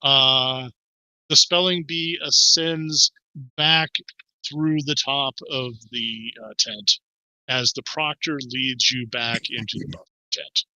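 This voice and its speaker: A man running a tabletop game as game master, narrating lively with fillers. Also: mid-range voice, slow, dry recording, low-quality recording.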